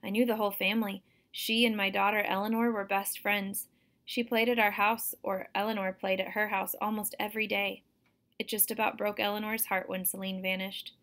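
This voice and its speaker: A woman reading aloud, voicing an old country man who tells spooky tales in a slow, drawling way. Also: mid-range voice, flat delivery, fairly bright tone, natural voice.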